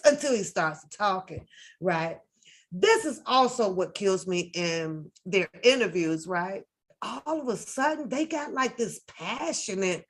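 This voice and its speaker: A woman's voice: medium pitch, big pitch swings, slow pace. A woman giving casual reaction commentary, talking bluntly with plenty of profanity, rambling, and throwing in sarcastic asides. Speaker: reaction video host.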